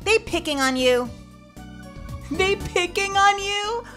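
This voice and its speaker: A woman voicing a cheerful little girl magician in a high, cutesy, childlike voice while playing a video game. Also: expressive, slow, music in the background, heavily acted. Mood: sweet, concerned. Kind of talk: playthrough voice acting.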